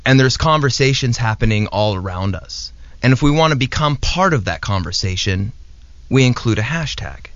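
A man's voice: medium pitch, animated, normal speed, dry recording. A man who is a knife maker, a guest on a show, explaining things steadily step by step in casual talk. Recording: dull lo-fi dry recording.

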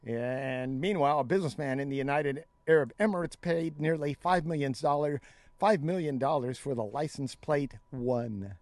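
A man's voice: fairly high pitch, moderate pace, darkish tone, dry recording. Chatty man reading news and riffing. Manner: reads news items then riffs with opinions. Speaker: news segment co-host. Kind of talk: casual news chat.

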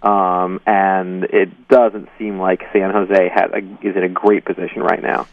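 A man being interviewed, speaking haltingly with many ums and you-knows and hedging as he explains. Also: low voice, level tone, creaky, no echo. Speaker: guest journalist. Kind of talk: phone-in interview. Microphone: phone. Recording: tinny distant phone line.

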